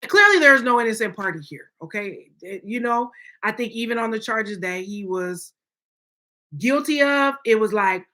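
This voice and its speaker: A woman co-hosts a talk podcast in a bright, forward voice. She argues her opinions emphatically and keeps tagging sentences with "okay?" to pull the listener along. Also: on the high side, animated, moderate pace. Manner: emphatic, frequent "okay?" check-ins. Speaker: podcast co-host. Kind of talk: opinionated casual chat.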